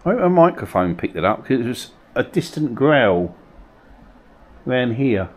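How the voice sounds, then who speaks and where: Male ghost-hunt host, animated delivery, uneasy coaxing questions, old mill cellar. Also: mid-range voice, unhurried. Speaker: paranormal investigator host. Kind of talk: ghost-hunt vlog, calling out to spirits.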